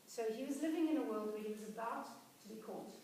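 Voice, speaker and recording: A woman's voice: a little high, fairly quick, dark tone. A woman executive coach giving a workshop talk, telling case stories conversationally with frequent restarts. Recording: echoey room, voice far from mic, faint noise.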